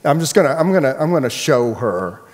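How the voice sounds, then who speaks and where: A man, the pastor, preaching a sermon and telling a personal story in a relaxed, chatty way with frequent restarts. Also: medium pitch, a little fast, long reverb tail. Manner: casual storytelling, many restarts.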